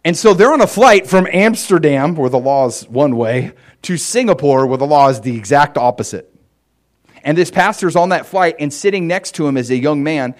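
A man preaching a sermon in a casual, animated storytelling way, with lots of fillers and sudden rises in pitch and volume for emphasis. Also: normal speed. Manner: animated storytelling, chatty fillers, swings loud and high for emphasis.

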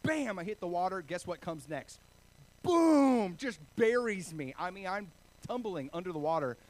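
A man from Oregon preaching a sermon, telling stories with animated, self-deprecating humor. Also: sits high, fairly quick, rough recording. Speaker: pastor.

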